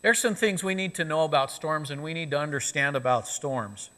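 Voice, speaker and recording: A man's voice: a little high, fairly quick, sharp tone. A male pastor preaching a sermon in a conversational way, often saying "you know," in a church sanctuary. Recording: long reverb of a church sanctuary.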